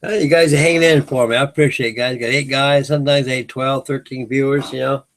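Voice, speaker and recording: A man's voice: medium pitch, steady tone, brisk, a bit bright, a little hiss or hum. A middle-aged man from California hosting a late-night live hangout stream, chatting casually and telling rambling stories full of fillers and restarts. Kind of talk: casual chat.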